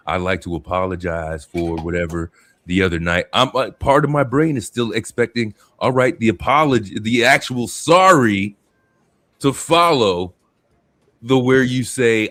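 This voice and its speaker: A man's voice: on the low side, lively intonation, moderate pace, a bit bright. A man hosting a casual podcast chat, blunt, profane and emphatic. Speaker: podcast host.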